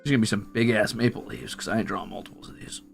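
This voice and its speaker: A man's voice: fairly low pitch, very animated, rapid-fire, creaky, soft background music. A man streaming while he draws, chatting casually and rambling, muttering to himself and teasing his cat. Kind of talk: casual chat while drawing.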